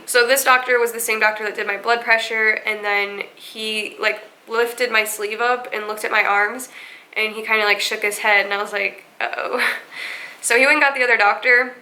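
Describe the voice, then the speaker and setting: A young woman in a casual storytime vlog, talking in a chatty, animated way. Her voice is bright and clear, and it jumps higher whenever she acts out what other people said. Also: poor audio. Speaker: vlogger.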